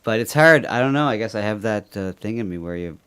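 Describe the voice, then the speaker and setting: A man's voice: on the low side, expressive, fast talker, a bit bright, clear, resonant tone. A man from Canada co-hosting a podcast, rambling and joking through casual commentary and laughing often. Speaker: podcast co-host.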